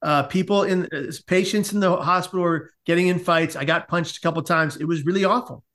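Animated man telling a comic story, slightly high. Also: a little fast. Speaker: podcast guest. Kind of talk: storytelling in casual conversation.

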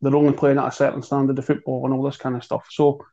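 A man co-hosting a football chat show, speaking in a measured way and thinking aloud with fillers. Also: medium pitch, monotone, mellow, lo-fi sound. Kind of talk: casual podcast chat.

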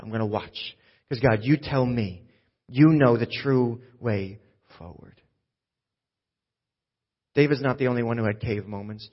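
A man, a pastor, preaching a sermon, dropping to a hush and then rising loud and urgent. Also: medium pitch, dull audio. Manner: swings from hushed to loud and urgent.

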